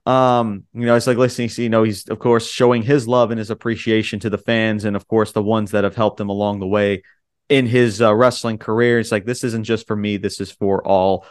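A man's voice: fairly low pitch, little pitch movement, brisk, clean tone, dry recording, studio quality. A man hosting a podcast, giving a casual wrestling show recap. He rambles, leans hard on fillers like "you know" and "um", and speaks his opinions bluntly. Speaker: podcast host.

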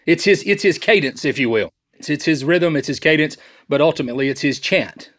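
A man from Tennessee, a champion auctioneer who breaks into a rapid, rhythmic chant and explains it in a friendly way. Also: on the high side, expressive, fairly bright tone. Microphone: phone line.

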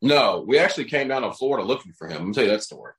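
A man's voice: mid-range voice, sing-song, rapid-fire, fairly bright tone, rough recording. A man, a rapper and label head, chatting casually as a guest and telling laid-back stories. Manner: laid-back storyteller, says bro a lot. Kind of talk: casual podcast chat.

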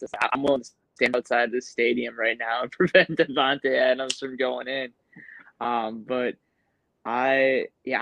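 A man's voice: medium pitch, gravelly, a bit bright, dry recording, poor audio. A man from Wisconsin, a guest on a casual podcast, talking in a friendly, rambling way. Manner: friendly, rambling, conflicted fan.

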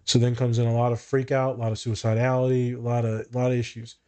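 A man's voice: mid-range voice, level tone, quick pace, darkish tone, clean tone. A man who works as a therapist, hosting a podcast in a blunt, profane, storytelling way. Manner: blunt and profane, tells client stories. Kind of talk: casual podcast chat.

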